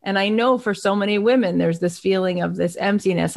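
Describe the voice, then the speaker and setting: A woman hosts an interview with an eager, affirming manner. She frames questions on behalf of her listeners and warmly agrees with her guest's points. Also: mid-range voice, brisk, vocal fry. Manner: enthusiastic, affirming. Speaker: host. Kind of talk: conversational interview.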